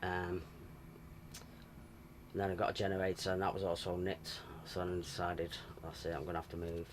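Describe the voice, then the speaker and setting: A man in his forties with a very low voice speaks in an easy, plain way. He pauses on small ums, and a faint outdoor hum sits behind him. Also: completely flat delivery. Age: 40s. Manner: plain, unhurried talk with ums. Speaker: canal boat owner. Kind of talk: casual interview.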